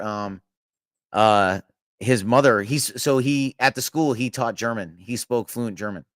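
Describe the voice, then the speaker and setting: A man's voice: medium pitch, a little slow, no echo, studio quality. A man co-hosting a podcast, telling rambling anecdotes in casual chat with frequent laughs and swearing. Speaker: podcast co-host.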